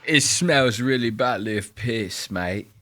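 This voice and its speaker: A man's voice: mid-range voice, slow, sharp tone, no room sound, voice pushed down. A man doing a smug train fan saying "mate". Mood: mock-earnest. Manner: smug, dropping "mate" at the end of lines. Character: mocking impression of an eager young male train fan.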